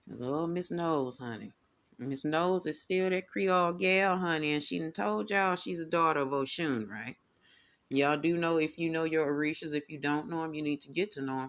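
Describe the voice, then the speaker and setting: A man's voice: a little high, a bit bright. A man giving a tarot reading as the host, talking in a sassy, casual way and often calling the listeners "honey" and "y'all". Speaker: tarot reader. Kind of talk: casual commentary.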